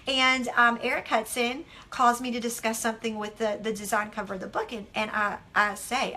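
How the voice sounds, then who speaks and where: A middle-aged woman giving a devotional teaching talk, telling candid stories with animated delivery and acting out what people said. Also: fairly high pitch, moderate pace, hardly any pauses. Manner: animated, candid storytelling that acts out its own quotes. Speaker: devotional author and speaker.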